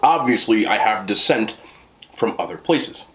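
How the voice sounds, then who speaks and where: A man's voice: on the low side, lively intonation, measured pace, fairly bright tone. An American man in casual storytelling to the camera, talking in a rambling way with many fillers and restarts. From United States. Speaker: food vlogger.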